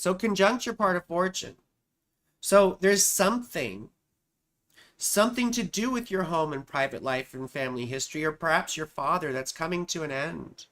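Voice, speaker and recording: A woman's voice: sits low, fairly bright tone. A woman astrologer hosting a live stream, reading viewers' charts in a chatty, affectionate way and calling them sweetheart and darling. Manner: thinks aloud while searching for charts.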